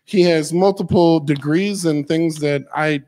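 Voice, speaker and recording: Young minnesota guy doing standup, kinda high voice, rambly and tipsy, laughing at his own stuff in a studio. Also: measured pace, darkish tone. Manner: rambling, self-deprecating, loose and tipsy. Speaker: stand-up comedian. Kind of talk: stand-up set. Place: comedy studio with live audience.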